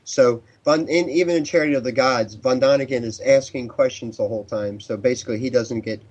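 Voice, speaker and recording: A man's voice: mid-range voice, a little fast, a little mellow, low-quality recording. A man being interviewed on a radio show who tells long, rambling stories about his field research. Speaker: paranormal researcher guest.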